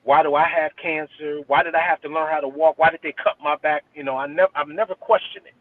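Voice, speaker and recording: A man's voice: a little high, steady tone, fast talker. A middle-aged man, a guest DJ, telling a personal story in an earnest, rambling way with frequent restarts. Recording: tinny phone line with faint noise.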